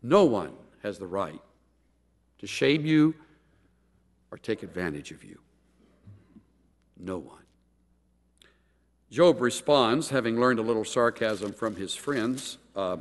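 Middle-aged male pastor, animated storyteller, wide-ranging voice, church sermon. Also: a little slow. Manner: animated storyteller, voices quotes with big pitch jumps. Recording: long hall reverb.

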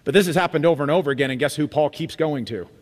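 A man preaching a sermon as pastor of a church, emphatic and animated, repeating phrases for effect. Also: on the high side, very fast, long reverb tail. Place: church sanctuary.

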